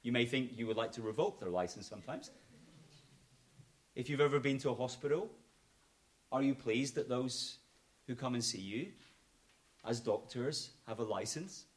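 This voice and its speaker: A man preaching a sermon, swinging between emphatic high points and quiet low endings. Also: moderate pace, pauses often.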